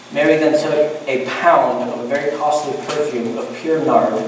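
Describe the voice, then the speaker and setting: A man preaching a sermon to his congregation as pastor, animated and joking in asides. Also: mid-range voice, a little hiss or hum. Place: church. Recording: echoey church room from far off.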